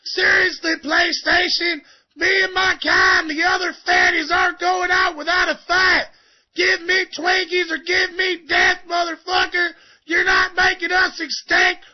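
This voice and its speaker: A man voicing a loud, furious overweight gamer who calls himself a reverend, in a profane comic rant. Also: extremely high pitch, flat delivery, measured pace. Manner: ranting, profane, comic outrage. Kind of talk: comedic rant sketch. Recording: muffled lo-fi podcast recording.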